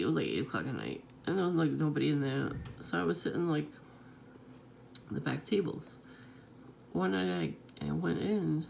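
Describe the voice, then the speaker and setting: A vlogger rambles on in a loose, unscripted monologue, the voice deeply gravelly with constant fry. The delivery is profane and scattered, broken up by frequent chuckles, at a middling pitch. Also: darkish tone, slight background noise.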